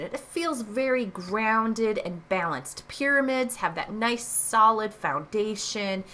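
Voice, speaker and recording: A woman's voice: medium pitch, fairly bright tone. A woman art teacher recording a review lesson, explaining each answer and driving points home with short repeated phrases.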